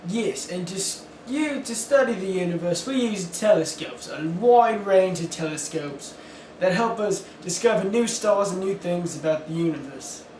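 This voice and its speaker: A man's voice: sits high, lively intonation, normal speed, darkish tone, echoey room, recorded from a distance, a little hiss or hum, rough recording. A young man playing a British astronomer in an amateur skit, earnest and stumbling over his words. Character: pompous British male astronomer being interviewed. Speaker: interviewee in a school project skit.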